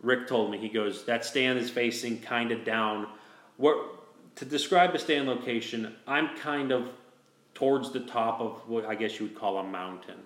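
A man's voice: mid-range voice, normal speed, reverberant. A man telling a long story in casual chat, rambling with restarts and fillers. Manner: rambling, with many restarts and "you know". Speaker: host telling a hunting story.

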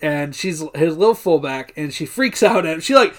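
A man co-hosting a casual podcast, rambling through a movie's plot with plenty of swearing. He laughs a lot and jumps into loud impressions of the characters as he goes. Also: fairly high pitch, expressive, moderate pace. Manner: rambling, profane, laughs often, acts out lines in loud voices. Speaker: podcast co-host. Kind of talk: casual chat recapping a movie.

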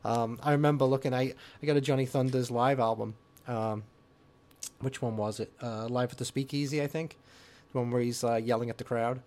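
A man's voice: medium pitch, fairly even intonation, a little fast, a little mellow. An older man co-hosting a podcast, chatting casually and rambling with lots of fillers. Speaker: podcast co-host. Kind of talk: casual chat about music.

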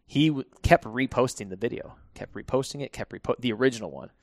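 A firefighter guest telling stories in a relaxed podcast conversation, laughing often and restarting his sentences. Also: mid-range voice, quick pace, gravelly, dry recording, studio quality.

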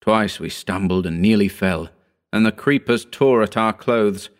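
A man narrating a horror story in a slow, grave, deliberate reading. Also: on the low side.

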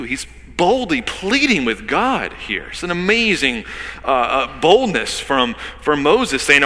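A man preaching a sermon as pastor, talking conversationally to the congregation and reading scripture dramatically, swinging between loud and hushed. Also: on the high side, sing-song, measured pace, long reverb tail, poor audio.

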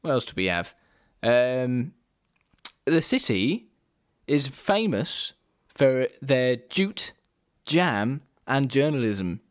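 A man co-hosting a casual podcast, chatty and playful, quick to laugh. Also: mid-range voice, sing-song. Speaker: podcast co-host.

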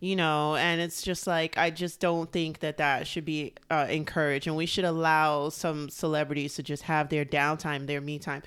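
A woman's voice: low-pitched, level tone, normal speed, hardly any pauses, a bit bright, smooth. A young woman co-hosting a casual podcast, speaking earnestly and often agreeing with short replies. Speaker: podcast co-host. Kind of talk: casual chat.

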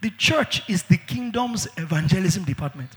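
High, lively-voiced preacher man in a hall. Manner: emphatic preaching with sudden shouts and drawn-out words. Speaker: pastor. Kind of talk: sermon.

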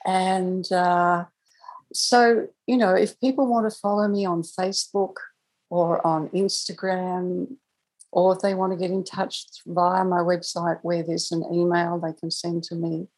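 Husky, low-voiced woman telling a story. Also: flat delivery, measured pace, poor audio. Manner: warm, reflective storytelling with frequent laughs. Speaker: guest, angel communicator. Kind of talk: conversational storytelling.

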